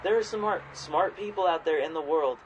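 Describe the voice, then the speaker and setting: A man co-hosting a podcast in casual chat, rambling and swearing freely, sometimes jumping into loud quoted voices. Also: on the high side, normal speed, a little hiss or hum, low-quality recording. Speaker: podcast co-host.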